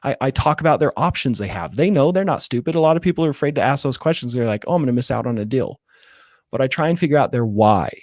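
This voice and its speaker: A man in a casual interview breaks down his sales-call approach and acts out what he says on the phone. His voice sits at a middle pitch and sounds close and dry. He keeps checking in with "right?" as he goes. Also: expressive, fast talker, hardly any pauses, no room sound. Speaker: real estate wholesaler guest.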